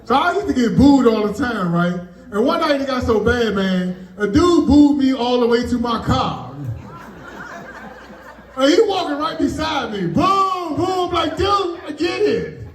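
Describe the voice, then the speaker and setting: High-voiced man doing stand-up. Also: lively intonation, measured pace. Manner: loose, conversational punchlines, frequent "man" tags. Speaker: stand-up comedian. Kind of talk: stand-up comedy storytelling. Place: birthday party venue. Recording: echoey room, mic from far off.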